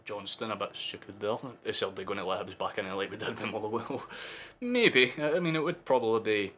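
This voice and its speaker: A young man commentating a football match live for his stream as a fan, sweary and excitable, erupting into shouts. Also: fairly low pitch, brisk.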